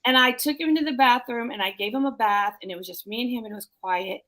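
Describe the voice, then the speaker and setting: A woman's voice: a little high, fast, a bit bright. A bereaved mother telling her story in a heartfelt, emotional way during a discussion. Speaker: bereaved mother sharing experience.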